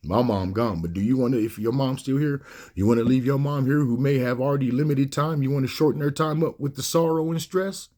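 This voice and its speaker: A man's voice: mid-range voice, steady tone, fairly quick, mellow. A middle-aged man hosting a raw monologue, full of rhetorical questions and slang, getting emotional and close to tears as he talks. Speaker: host. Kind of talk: monologue to camera.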